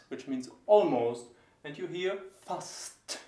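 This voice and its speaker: A man teaching German pronunciation, explaining each sound and slowly repeating example words. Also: fairly high pitch, animated, mellow, roomy sound. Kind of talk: pronunciation lesson.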